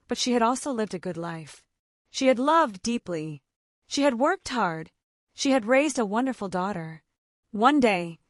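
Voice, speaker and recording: A woman narrating an emotional story in a measured, heartfelt way. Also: fairly high pitch, fairly bright tone, no room sound, studio quality.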